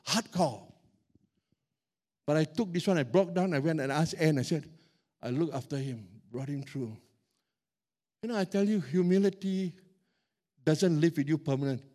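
A middle-aged man preaching a sermon as pastor, animated and emphatic, stretching out key words. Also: a little high.

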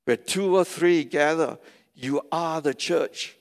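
A pastor with a voice on the high side and a gravelly edge preaches a sermon at an unhurried, deliberate pace. He hammers home his points by repeating key phrases, and a long reverb suggests a large church hall.

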